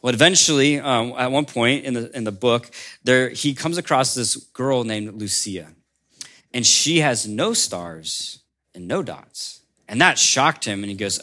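A man's voice: medium pitch, lively intonation, a little slow. Conversational male pastor telling a story. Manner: conversational storytelling, drops to soft emphasis. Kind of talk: sermon.

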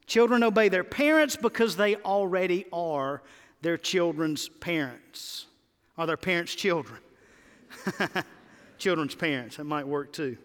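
A man's voice: high-pitched, lively intonation, measured pace, fairly bright tone, in a large hall. A man preaching a sermon as pastor, impassioned and pleading, with sudden rises in his voice.

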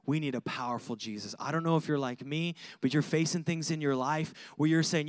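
A male pastor delivering a lively sermon that moves from chatty asides and laughter to punchy, repeated lists. His voice sits high for a man, and the sound is dry and close, with almost no room echo. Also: fairly quick, hardly any pauses. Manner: animated, conversational preaching with laughs and repeated lists.

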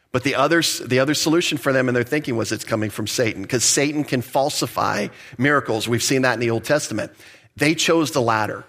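A man's voice: mid-range voice, fairly bright tone. A male pastor giving a sermon in a conversational, folksy way, with emphatic asides.

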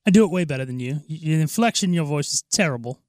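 High-pitched, jokey man on a podcast. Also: animated, rapid-fire, a little mellow, dry recording, clean studio sound. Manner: jokey, defensive, playful. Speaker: podcast co-host. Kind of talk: casual podcast banter.

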